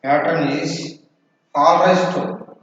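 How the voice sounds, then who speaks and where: A man teaching a college class, dictating and repeating every phrase very slowly. His voice sits a little high and comes from some distance off in a strongly echoing hall. The recording sounds dull and lo-fi. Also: fairly even intonation, fairly bright tone. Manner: repeats each phrase for note-taking. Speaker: college lecturer.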